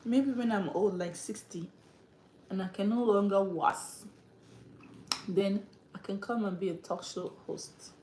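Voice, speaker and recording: A woman's voice: mid-range voice, fairly even intonation, unhurried, darkish tone, echoey room, slight background noise. A woman with an African accent hosting a casual livestream chat, often breaking into laughter and acting out the voices she quotes. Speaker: livestream host.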